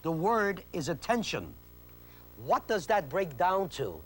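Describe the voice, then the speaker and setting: An emphatic man leads a memory-training lesson on an old instructional video. His voice sits a bit high and swings up and down with lively intonation. He hammers on rules, repeats them, and challenges the viewer to work out answers. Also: slow, breathy edge. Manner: emphatic, repeats key points, quizzes the viewer. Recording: 1980s VHS instructional tape.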